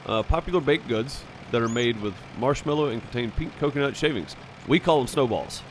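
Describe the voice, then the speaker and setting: While streaming a farming game, a man tells rambling stories in casual voice chat. His mid-range voice is a little fast with lively intonation, full of fillers and restarts, against slight background noise.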